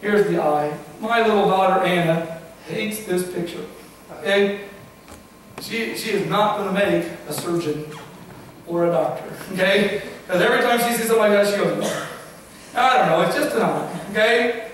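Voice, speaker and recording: A middle-aged man, a guest speaker, gives a lively science talk to a congregation and keeps quizzing them with "okay?" and "right?". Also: high voice, moderate pace, slight background noise. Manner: questions the audience often, with frequent "okay?" and "right?". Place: church hall. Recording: very echoey hall, from far off.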